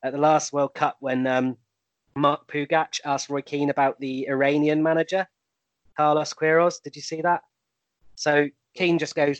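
A man's voice: fairly high pitch, steady tone, moderate pace, no room sound, lo-fi sound. Man telling an anecdote, dry sound. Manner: storytelling, hesitant with ums. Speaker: panel guest.

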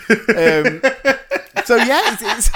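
Thirties male podcast co-host, playful and giggly, lively pitch, dry close sound. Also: moderate pace, no echo. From northern England. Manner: playful, laughs often, restarts words. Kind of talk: casual chat.

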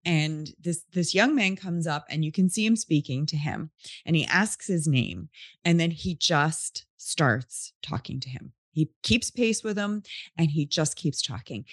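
A woman's voice: sits low, animated, unhurried, no echo, studio quality. A woman podcast host telling a story in an earnest, heartfelt, casual way.

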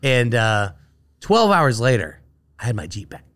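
A man's voice: mid-range voice, very animated, unhurried, a bit bright. A man on a casual chat show, telling a long story full of asides and acted-out quotes. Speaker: guest, brewer.

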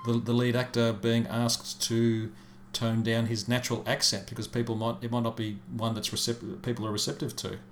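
A man's voice: mid-range voice, little pitch movement, normal speed, few pauses. A man co-hosting a podcast, giving his views in a blunt, opinionated way. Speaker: podcast co-host. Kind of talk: casual chat.

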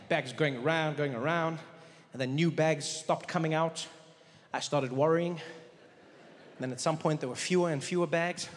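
A man doing stand-up comedy on a theater stage, telling a story with animated delivery and acting out characters. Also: fairly high pitch, normal speed, slight background noise. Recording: live hall reverb, faint ambience.

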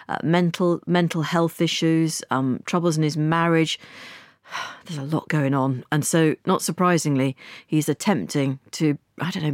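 Woman host, close dry studio sound, brisk interviewer. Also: sits low, no room sound. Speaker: podcast host.

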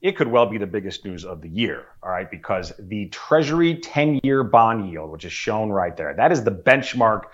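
A man's voice: lowish voice, sing-song, normal speed, few pauses, a bit bright. Man, economic commentator, earnest, explanatory, dull lo-fi sound. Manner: earnest, explanatory, addresses host by name.

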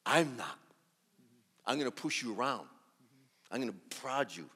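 A man giving a sermon as a guest preacher, telling a story and acting out the dialogue with lively energy and many restarts. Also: mid-range voice, normal speed, pauses often, breathy edge, long reverb tail. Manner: animated, acts out dialogue, restarts often. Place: large church hall.

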